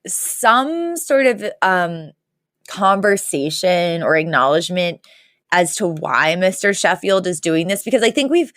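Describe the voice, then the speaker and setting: A woman's voice: on the low side, big pitch swings, a little slow, a bit bright, no room sound, studio quality. A woman co-hosting a podcast, chatting casually about a sitcom episode and rambling with many fillers. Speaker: podcast co-host. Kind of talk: casual chat recapping a sitcom.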